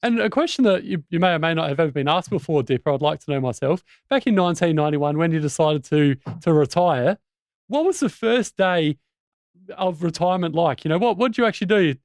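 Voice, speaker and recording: Male host, quick and high-voiced, eager interviewer, dry close mic. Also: lively intonation, darkish tone, dry recording. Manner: eager, stumbling questions. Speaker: podcast host. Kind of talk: casual interview.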